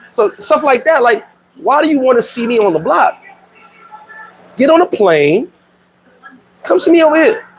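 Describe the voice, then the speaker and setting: A middle-aged man from New York in a casual livestream. He talks in animated street slang, laughs often and reads out viewer comments. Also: very high-pitched, husky, rough recording. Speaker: vlogger.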